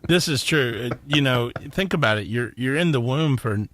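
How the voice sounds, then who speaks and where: A man's voice: medium pitch, moderate pace, no room sound. A young man co-hosting a casual talk show, joking and teasing as he tells stories. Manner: joking, teasing, animated storyteller. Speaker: co-host.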